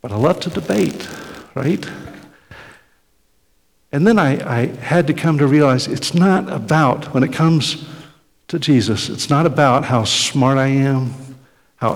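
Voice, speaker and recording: A middle-aged man preaching a sermon in a conversational way, often checking in with "right?" and acting out quoted speech with big swings in loudness. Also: mid-range voice. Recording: long hall reverb.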